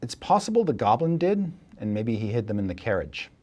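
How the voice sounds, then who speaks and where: A man serving as dungeon master, narrating a tabletop game in a relaxed, chuckling way with many fillers. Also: medium pitch, brisk, dull audio.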